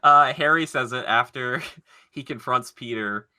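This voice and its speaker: A young man hosting a podcast, chatting casually and running a movie quote quiz, animated and quick to laugh as he acts out lines. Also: mid-range voice. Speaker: podcast host.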